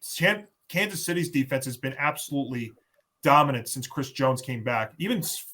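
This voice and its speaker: Bright-voiced man hosting a sports podcast. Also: mid-range voice, normal speed. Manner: rambling, restarts, emphatic. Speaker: podcast host. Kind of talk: casual sports chat.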